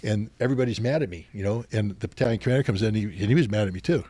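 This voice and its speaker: A middle-aged man with a low voice tells stories as a podcast guest, close and dry with no room sound. He talks in lively bursts and turns louder when he retells a clash. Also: very fast, dry recording. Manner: animated anecdotes, louder when retelling confrontations. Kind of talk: storytelling interview.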